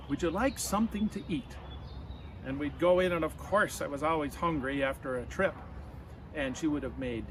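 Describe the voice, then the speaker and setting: A man's voice: a little high, noisy background. Man telling stories in his backyard. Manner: friendly, leads a clap-along. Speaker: storyteller and folk musician. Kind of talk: storytelling to children. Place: outdoors in a backyard.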